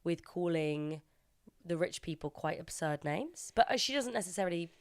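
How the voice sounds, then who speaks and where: A woman's voice: fairly low pitch, lively intonation, normal speed. A woman co-hosting a podcast, giving opinionated, analytical takes in casual chat. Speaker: podcast co-host. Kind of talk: casual chat recapping a TV episode.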